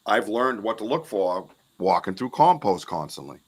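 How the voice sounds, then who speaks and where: A man hosting a podcast, telling an outdoor encounter in an animated way and swearing when he gets worked up. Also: on the low side, moderate pace. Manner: animated, swears and yells when retelling scares. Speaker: podcast host. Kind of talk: casual storytelling interview.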